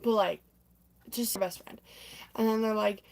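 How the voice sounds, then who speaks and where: A woman's voice: fairly even intonation, moderate pace, creaky, a little mellow. Chatty young woman rambling with lots of "like". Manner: chatty, full of "like" and "um", laughs often, acts out lines in squeaky voices. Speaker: livestreamer recapping a stage musical she performed in. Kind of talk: casual rambling retelling.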